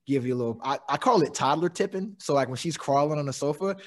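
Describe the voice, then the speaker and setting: A young man hosting a casual podcast chat, swearing freely and laughing through animated stories. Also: fairly high pitch, fast talker. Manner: profane, laughing, animated storyteller. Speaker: podcast host.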